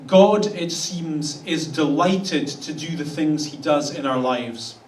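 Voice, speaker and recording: A male pastor delivering a sermon in a loose, conversational way, wry and quick to act out the voices of the people he quotes. His voice sits a touch high for a man. The sound carries the echo of a large church hall, heard from a little way off the mic, with a faint hum of the room behind it. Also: darkish tone. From Canada. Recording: echoey church hall, voice a bit distant.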